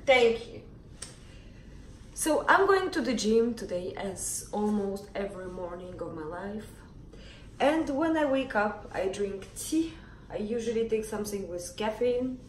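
A woman's voice: mid-range voice, animated, measured pace, a little hiss or hum. A young woman talking casually to camera about her morning routine, candid and a bit grumpy. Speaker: vlogger. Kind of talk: casual vlog monologue. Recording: echoey room, camera at a distance.

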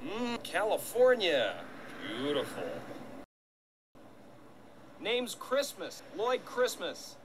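An actor playing a dim, overeager young chauffeur who rambles cluelessly, in a film clip. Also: male voice, high-pitched, big pitch swings, very slow, pauses often, exaggerated voice. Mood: chatty. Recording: film audio with background noise.

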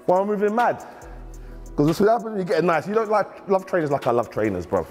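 A man's voice: high voice, big pitch swings, fast, a little mellow, faint music behind. A man talking frankly and slangily about sneakers in casual chat. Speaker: sneaker shopper.

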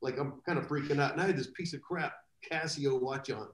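Man, guest drummer, rambling anecdotes, animated, echoey room, video call. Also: medium pitch, fairly quick, a little hiss or hum. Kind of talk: casual storytelling in a live video chat.

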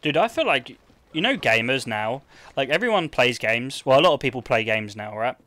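A man's voice: mid-range voice, animated, normal speed, bright, forceful tone. A young man streaming a game and chatting casually, rambling with lots of "like" and swearing. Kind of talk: casual gameplay chat.

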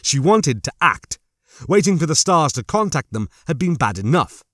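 A man narrating an audiobook in a steady, even storytelling manner. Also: on the high side, normal speed, no room sound, studio quality. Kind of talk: scripted narration.

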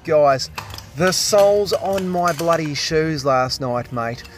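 An excitable Australian tradesman with a high voice, joking his way through a drain job in heavy slang. He sounds hungover but keeps the energy up, with faint music under him. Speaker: drain plumber vlogger. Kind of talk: casual on-the-job vlog. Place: restaurant on a job site, walking around.

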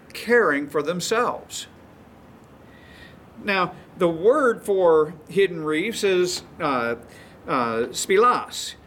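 High-pitched guy pastor, folksy sermon storytelling, laughs along. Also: a bit bright, slight background noise. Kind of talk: sermon teaching.

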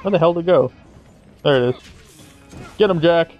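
A man's voice: on the high side, moderate pace, lo-fi sound, faint music behind. A man commentating over his own video game playthrough, sarcastic and mock-dramatic, swearing casually. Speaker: gameplay commentator. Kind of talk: sarcastic let's-play commentary.

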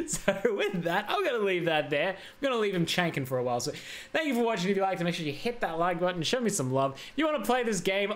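High-voiced man playing a video game. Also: a bit bright. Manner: playful, talks to the crocodile in a coaxing voice. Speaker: gaming YouTuber. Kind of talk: casual gameplay commentary. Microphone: USB desk microphone. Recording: background game noise with clicks.

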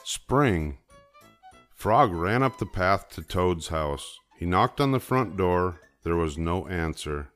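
An older man narrating a children's story with a very deep voice. He reads slowly and gently, letting his pitch rise and fall expressively. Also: expressive, faint music behind. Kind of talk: children's story read-aloud.

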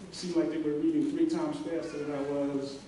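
Middle-aged male commencement speaker, dark voice, earnest and pausing, heard from afar in a very echoey hall. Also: a little high, flat delivery. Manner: earnest storytelling, with many pauses and fillers. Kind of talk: graduation speech. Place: large hall. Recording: very echoey hall, voice from far off, faint hiss.

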